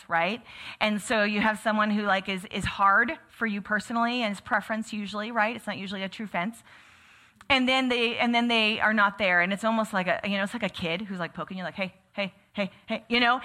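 A woman's voice: mid-range voice, sharp tone. A woman teaching a church group in a casual, sermon-like way, speaking conversationally and often saying "like" and "right?". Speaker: church teacher leading a book study.

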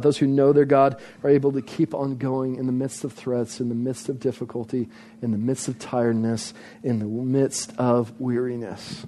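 Mellow-voiced man preaching emphatically. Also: mid-range voice. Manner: emphatic, repeats phrases for effect. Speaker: pastor. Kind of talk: sermon.

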